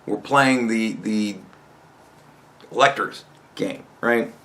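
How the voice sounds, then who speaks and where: A man's voice: on the low side, slow, sharp tone. A man hosting a podcast, delivering an angry, mocking political rant full of swearing. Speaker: podcast host. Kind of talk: profane political commentary rant.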